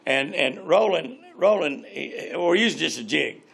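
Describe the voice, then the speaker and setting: An older man, telling rambling, animated fishing stories as an interview guest. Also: fairly high pitch, measured pace, vocal fry, husky. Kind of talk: casual storytelling interview.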